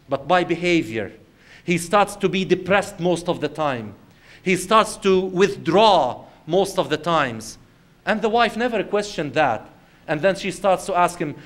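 A man giving an Islamic lecture to his audience. He tells everyday stories and asks rhetorical questions, swinging from loud emphasis to quiet earnestness. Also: sits high.

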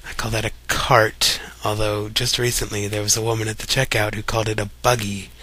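A young man from Kentucky talks in a relaxed, chatty way with a light Kentucky accent. His voice sits a bit low but has a bright, forceful edge. He reads a list of words aloud one by one, like a casual home recording. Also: a little fast, breathy edge. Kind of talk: casual voice meme reading.

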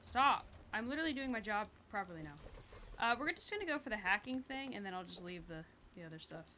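A woman talks through a livestreamed game in a bright, forward voice, her pitch sitting in a middling range. She chats casually, swears freely and laughs at her own slips. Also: expressive, fast, slight background noise. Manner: chatty, sweary, self-mocking. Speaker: streamer. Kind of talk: casual gameplay commentary.

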